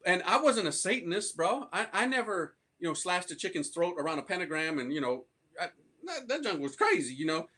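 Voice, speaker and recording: A man from the United States, a priest, giving a casual and animated conversion testimony to an audience in slangy speech. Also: high voice, a little fast, husky.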